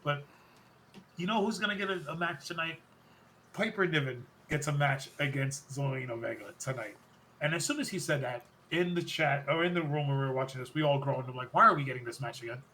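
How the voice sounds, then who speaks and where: Speaking briskly in a fairly high-pitched voice, this podcast host chats casually through a wrestling recap. He's excited and rambling, frequently stopping to correct himself partway through sentences, with slight background noise behind him.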